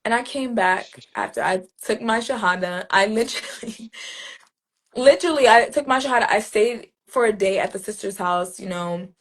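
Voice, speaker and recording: In an interview, this poet recounts something personal with earnest, conversational reflection, using lots of "like" and restarting sentences. She speaks at medium pitch and a moderate pace.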